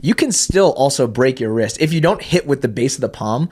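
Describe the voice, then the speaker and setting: A man's voice: mid-range voice, a little fast, husky. A young man on a podcast, telling stories in casual chat with a lot of swearing and restarts. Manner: profane, animated storyteller who uses many restarts.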